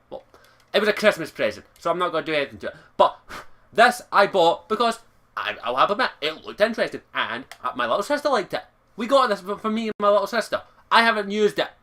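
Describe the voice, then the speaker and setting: A Scottish man sits on his bed and rants at the camera, cursing at nearly every turn. His voice sits high for a man and rings bright and sharp, with angry outbursts breaking through again and again. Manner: swears constantly, exasperated, loud outbursts. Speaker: vlogger. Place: his bedroom, sitting on his bed. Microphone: camera across the room.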